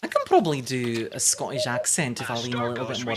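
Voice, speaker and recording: A woman's voice: very deep voice, animated, quick pace, heavy background noise. A young woman streaming a game, chatting playfully with her viewers, laughing often and rambling off on asides. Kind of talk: casual live-stream game commentary.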